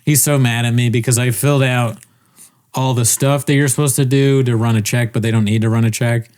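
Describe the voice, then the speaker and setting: A man on a casual podcast telling a story with animated, swearing delivery, laughing often and acting out the people he quotes. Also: mid-range voice, fairly quick, smooth. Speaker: podcast co-host. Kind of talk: casual chat.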